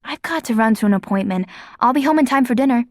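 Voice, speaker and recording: A calm, kindly mother, as a woman narrator puts her on, gentle and matter-of-fact, with a fairly high voice. The reading is dry and close to the mic. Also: quick pace, no echo, natural voice. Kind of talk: audiobook character voice.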